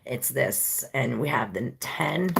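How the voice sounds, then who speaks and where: A woman's voice: very deep voice, lively intonation, slow pace, creaky, husky. A woman giving a casual tarot reading, talking to her viewers in a loose, rambling, informal way. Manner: chatty, talks to viewers directly. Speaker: tarot reader.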